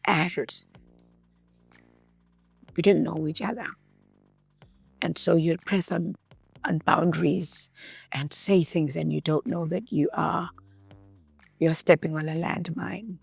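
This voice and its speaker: South African woman, interview guest, animated storyteller, faint music bed. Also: low voice, vocal fry, slightly rough, no room sound. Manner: animated retelling, acts out quotes. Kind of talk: candid interview, mixing English and Zulu.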